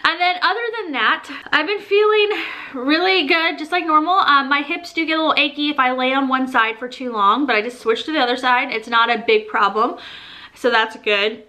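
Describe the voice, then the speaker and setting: A woman's voice: sits high, a little fast, sharp tone. A pregnant young woman giving a casual, rambling vlog update, laughing often as she talks. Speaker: vlogger.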